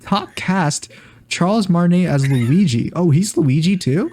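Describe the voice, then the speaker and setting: A man's voice: high-pitched, animated, measured pace, warm tone. A man co-hosting a podcast, joking and sarcastic in casual chat. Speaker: podcast co-host.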